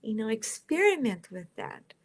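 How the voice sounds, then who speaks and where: A woman from Brazil, a holistic nurse guest, talking in a relaxed interview with an unhurried, gently encouraging manner. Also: on the high side, slightly rough. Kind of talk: casual interview talk.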